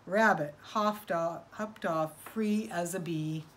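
Storyteller, woman, expressive picture-book reading, slow and unhurried. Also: on the low side. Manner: expressive, asking listeners questions.

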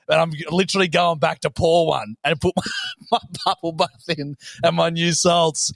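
Podcast co-host, man, foul-mouthed mock rants, gravelly voice. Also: a little high, fairly even intonation, fairly quick, no echo, clean studio sound. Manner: crude, swearing, mock-outraged ranting. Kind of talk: casual banter.

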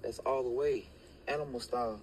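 A man's voice: medium pitch, steady tone, normal speed. Man, heated casual rant, swears a lot, in a car, noisy clip. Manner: blunt, heated, swears freely. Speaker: boyfriend in a filmed car clip. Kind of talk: casual ranting chat. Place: inside a car at night. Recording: car clip with loud background ambience.

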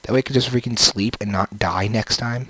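With game music running beneath him, a young man rambles through let's-play commentary on a headset, breaking into playful sing-song moments. His voice is lowish, fairly even in intonation, a little fast, sharp, and slightly rough.

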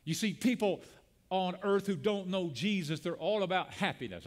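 In a church sanctuary, an impassioned pastor preaches a sermon in a high, expressive voice at normal speed. He uses call-and-response and builds his emphasis as he goes.

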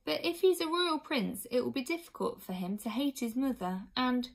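Woman doing a grim, determined little hag girl, higher voice, storybook reading. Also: expressive, normal speed, gravelly, full character voice. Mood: earnest. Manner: grim, huffy, earnest.

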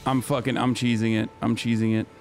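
A man's voice: mid-range voice, level tone, a little fast. A man in his thirties, brashly trash-talking and swearing while streaming a game, yelping when he dies. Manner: yelps and shouts when dying. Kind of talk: live gameplay commentary. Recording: game music playing behind the voice.

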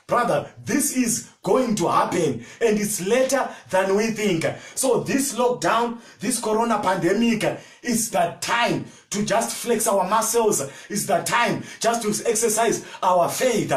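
A male pastor preaching a fervent sermon, often shouting and calling out to the congregation for replies. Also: high voice, unhurried, hardly any pauses, soft background music. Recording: echoey room, from far off.

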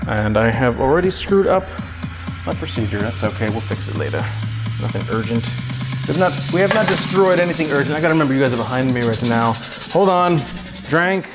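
A man's voice: mid-range voice, expressive, a little fast, over music. A man streaming a casual cooking lesson from his home kitchen, rambling and joking with his chat. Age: adult. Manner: rambling, jokey, talks to chat.

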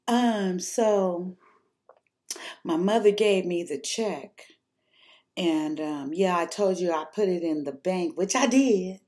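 A woman's voice: fairly low pitch, expressive, slow pace, a little mellow. A woman telling a personal story to the camera in a casual, rambling way, swearing freely and filling gaps with ums and restarts.

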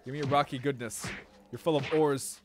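A man giving playful let's-play commentary as a game streamer, swearing and talking back at the creatures on screen, with sudden loud outbursts. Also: medium pitch, fairly even intonation, brisk, slight background noise.

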